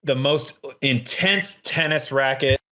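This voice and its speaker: A man's voice: mid-range voice, slow pace, bright, forceful tone. A man running a tabletop role-playing game as game master, narrating and often laughing.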